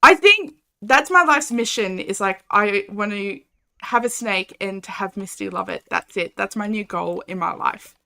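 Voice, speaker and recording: A woman's voice: medium pitch, lively intonation, normal speed, pushed and bright. A young Australian woman chatting casually and animatedly while streaming a game, reading chat and laughing often.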